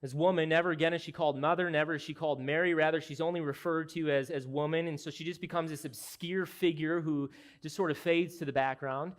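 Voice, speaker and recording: A man's voice: fairly high pitch, fairly even intonation, fast, hardly any pauses. A man preaching an expository sermon as pastor, speaking in an earnest, emphatic, explanatory way.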